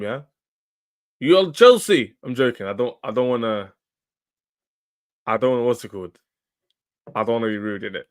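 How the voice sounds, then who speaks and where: A man hosting a football livestream, talking casually and animatedly to his chat in slang. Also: medium pitch. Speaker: football channel livestream host.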